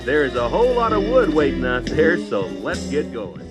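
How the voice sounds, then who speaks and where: A chirpy small-town radio announcer. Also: male voice, fairly high pitch, big pitch swings, moderate pace. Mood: cheery. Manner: upbeat, sing-song promotional delivery. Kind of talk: 1980s film radio announcement. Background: loud guitar music.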